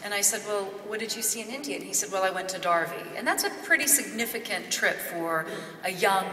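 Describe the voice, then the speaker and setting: A woman's voice: fairly low pitch, pushed and bright. A woman giving an earnest, off-the-cuff speech at a gala. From Kentucky. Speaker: gala speaker. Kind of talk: extemporaneous speech. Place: large gala ballroom. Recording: echoey hall from far off, faint ambience.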